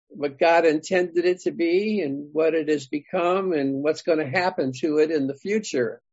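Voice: mid-range voice, a little mellow, no echo, highs cut off. A Bible study leader reading scripture to a group, thinking aloud and asking the group for their thoughts.

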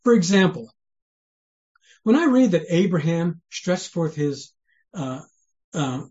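A man's voice: fairly high pitch, very animated, slow pace, darkish tone. Earnest preacher man, muffled lo-fi sound. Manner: earnest, conversational preaching with frequent restarts and rhetorical questions. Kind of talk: sermon. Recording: dull lo-fi sermon recording.

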